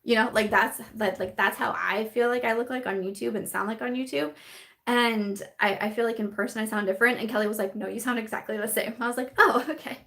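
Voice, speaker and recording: A woman's voice: a little high, fairly even intonation, quick pace, creaky, fairly bright tone. A young woman hosting a casual live-stream chat, bubbly and giggly, full of fillers and laughter as she reads viewer comments.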